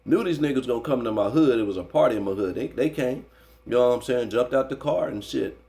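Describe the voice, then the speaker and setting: Talking fast with a creaky, mid-range voice, this man recounts a story as an interview guest. His speech is loose, full of slang and profanity, and "you know what I'm saying" keeps popping up; the fight part makes him animated.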